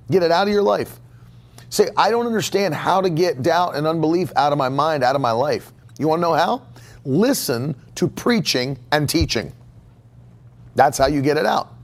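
A male pastor delivers a sermon in a gravelly, fairly high voice. His pitch swings widely as he stresses and repeats key phrases with emphatic conviction. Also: a little mellow. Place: church sanctuary.

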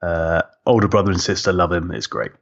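A man's voice: low-pitched, animated, a little fast, vocal fry, lo-fi sound. A man with dry humor chatting on a casual podcast, a new father of three. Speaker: podcast co-host.

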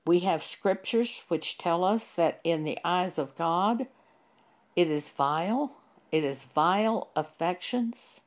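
A woman preacher delivering a sermon, speaking deliberately and with emphasis, pausing to cite scripture chapter and verse. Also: fairly low pitch.

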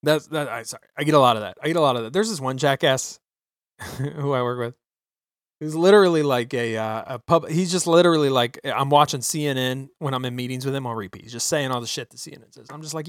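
A man hosting a podcast, ranting about politics with heavy swearing in an animated, emphatic way. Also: medium pitch, quick pace, no echo, studio quality. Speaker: podcast host. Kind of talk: profane political rant. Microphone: podcast microphone.

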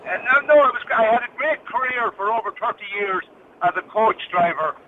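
A man's voice: sits high, animated, brisk. A man in his late fifties with an Irish accent, calling in to a radio show and joking easily. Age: 50s. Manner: jokey, easygoing. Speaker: caller. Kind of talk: casual phone chat. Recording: phone line with faint noise.

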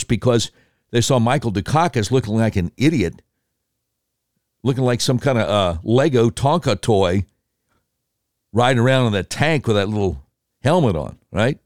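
Man, animated storyteller, quick impressions, dry recording, mid pitch. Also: no room sound. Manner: lively, jumps into quick impressions of voters and politicians.

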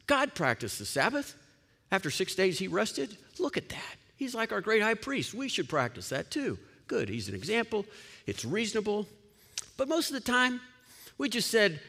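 Lively animated pastor in a reverberant hall. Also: male voice, high-pitched, moderate pace. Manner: lively, laughing, playful asides and sudden loud commands. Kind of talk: sermon.

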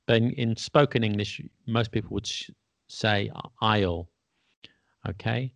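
Male podcast host, gravelly and dry, patiently explains grammar and checks understanding. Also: fairly low pitch, unhurried, a bit bright, no room sound. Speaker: English teacher and podcast host.

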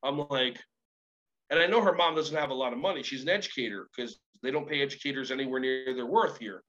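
A man speaking as a motivational coach, telling lively stories and acting out both sides of the conversations in them. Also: medium pitch, quick pace, dull audio. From Israel. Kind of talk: animated storytelling talk.

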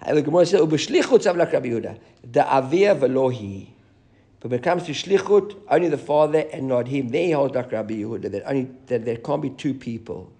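A man teaching a live Talmud class, reading Aramaic passages and explaining them in English with animated asides. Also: medium pitch, a little fast.

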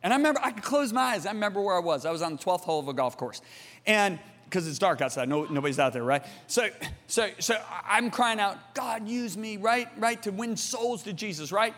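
High-voiced impassioned male preacher. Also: animated, a little fast, a bit bright. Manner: impassioned preaching with storytelling, calls on the congregation. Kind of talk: sermon. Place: church hall with congregation. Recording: long reverb of a large hall.

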